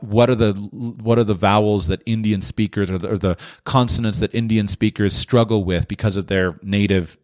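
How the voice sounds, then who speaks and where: A man hosting a podcast, answering listener questions in a thoughtful, explanatory way with frequent restarts. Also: lowish voice. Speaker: podcast host.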